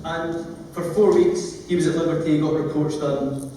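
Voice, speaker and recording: A man's voice: fairly high pitch, fairly even intonation, moderate pace, mellow, slight background noise. A man, a lawyer, telling stories in an earnest, emotional, plain-spoken conference talk. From Scotland. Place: large conference hall. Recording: echoey hall from far off.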